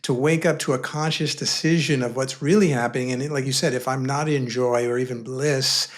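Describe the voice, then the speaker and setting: Male host, mid-pitched voice, relaxed and affirming, reads numbered questions. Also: fairly quick. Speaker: interview host. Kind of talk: casual interview questions.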